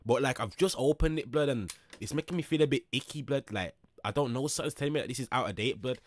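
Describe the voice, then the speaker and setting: A young man giving excitable, slang-heavy reaction commentary as a streamer, swinging between loud bursts and mutters. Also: mid-range voice, fast.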